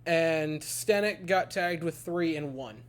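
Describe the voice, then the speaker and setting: A man giving a casual baseball game recap, ranting in an exasperated, animated way. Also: fairly high pitch, slow pace, noisy background. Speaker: baseball fan commentator.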